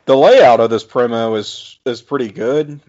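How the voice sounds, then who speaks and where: A man co-hosting in casual chat, wry and halting, often breaking off mid-sentence. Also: medium pitch, darkish tone. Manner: wry, halting, self-interrupting. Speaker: podcast co-host. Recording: dull lo-fi audio.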